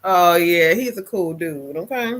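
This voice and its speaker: A woman's voice: fairly low pitch, animated, a little slow, crowd noise. A woman from New Jersey giving a psychic reading on a live stream, blunt and profane. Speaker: psychic medium.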